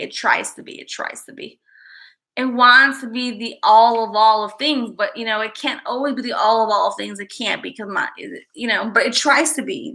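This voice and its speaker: A woman's voice: medium pitch, creaky, bright, forceful tone, rough recording. A woman vlogging casually to the camera, rambling and conversational, often tagging on "you know" and "okay?" and calling her viewers "guys". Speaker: astrology vlogger.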